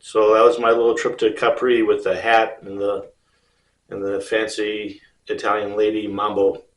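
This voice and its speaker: A man's voice: on the low side, level tone, normal speed, recorded from a distance. A man from Ohio telling a rambling, easygoing personal story with lots of fillers and restarts. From Ohio, United States. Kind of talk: casual spoken personal story. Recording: roomy sound, speaker off mic.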